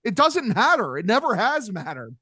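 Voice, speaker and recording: A man's voice: high-pitched, huge pitch swings, normal speed, pushed and bright, husky, no room sound, studio quality. A man hosting a casual sports podcast, talking bluntly and mockingly, with plenty of swearing. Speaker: podcast host.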